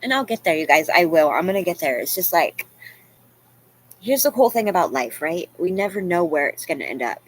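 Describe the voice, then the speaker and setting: A woman's voice: fairly low pitch, big pitch swings, fairly quick, slight background noise. A woman vlogger venting to camera, rambling and self-deprecating, at times crying. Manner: rambling, tearful, self-deprecating, with many "you know"s.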